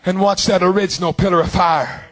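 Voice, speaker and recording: Male preacher, high voice, fervent sermon delivery with stretched-out lines. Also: steady tone, raised voice. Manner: fervent preaching with long drawn-out phrases.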